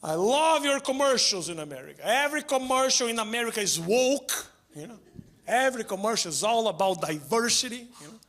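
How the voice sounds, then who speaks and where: A man doing stand-up, animated and acting out quick voices on a club stage. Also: extremely high pitch. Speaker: stand-up comedian. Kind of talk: stand-up comedy set. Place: comedy club stage with audience.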